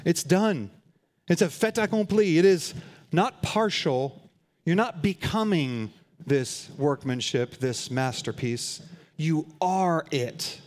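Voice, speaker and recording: A man's voice: fairly high pitch, lively intonation, slow pace. A man preaching a sermon to his congregation, earnest and conversational, often restarting phrases and adding light humorous asides. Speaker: pastor.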